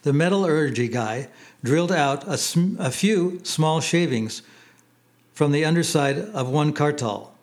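A man reading his memoir aloud in plain, unhurried storytelling. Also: on the high side, animated. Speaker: narrator. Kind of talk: memoir audiobook narration.

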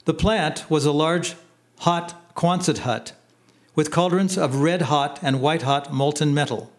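A man reading his memoir aloud in plain, unhurried storytelling. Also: fairly high pitch. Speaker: narrator. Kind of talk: memoir audiobook narration.

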